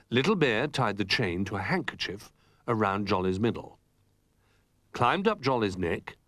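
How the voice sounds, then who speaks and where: Animated male storybook reader. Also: on the low side, no room sound. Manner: expressive, animated. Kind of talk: children's storybook reading.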